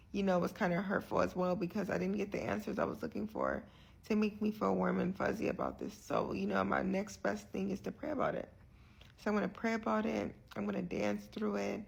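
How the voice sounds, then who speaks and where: Gravelly, husky young woman vlogging. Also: medium pitch. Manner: earnest, frustrated, talks straight to viewers; frequent restarts and repeated words. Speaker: vlogger sharing her health journey. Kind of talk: candid direct-to-camera vlog.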